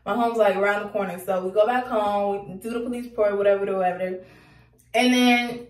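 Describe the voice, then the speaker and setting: Young woman rambling a storytime, animated, lots of slang, roomy echo. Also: medium pitch, a little fast, far from the mic. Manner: animated, slangy, laughing often. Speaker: vlogger. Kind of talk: casual storytime.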